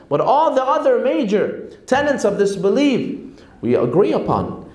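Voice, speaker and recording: A man's voice: high voice, darkish tone. A man giving a sermon to a congregation, posing rhetorical questions and quoting opponents. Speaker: speaker at a religious lecture. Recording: echoey hall.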